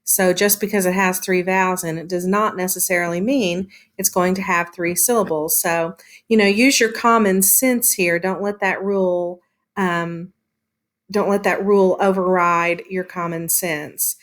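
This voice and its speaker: A woman's voice: lowish voice, steady tone, a little slow. A woman teacher giving a recorded lesson to young pupils, explaining patiently step by step with frequent ums.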